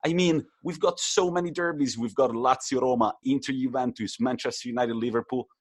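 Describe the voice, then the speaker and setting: A man's voice: mid-range voice, steady tone, brisk, slightly rough. A man with an Italian accent co-hosting a casual football podcast, teasing his co-host as he runs a quiz. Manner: playful, quizmaster teasing.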